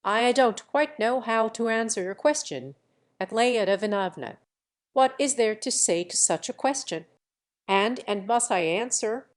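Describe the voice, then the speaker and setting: A woman's voice: on the high side, natural voice. A woman reading a flustered, timid young prince. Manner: hesitant, halting.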